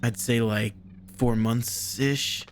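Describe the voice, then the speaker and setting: A man's voice: mid-range voice, fairly even intonation, slow, a little hiss or hum, lightly acted. A man reading a laid-back young crewman. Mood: chatty.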